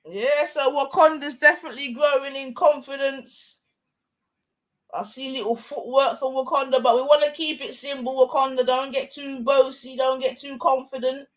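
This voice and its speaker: A young woman, giving excitable, slang-heavy live commentary on a fight and shouting often. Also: high-pitched, normal speed. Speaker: watch-along streamer.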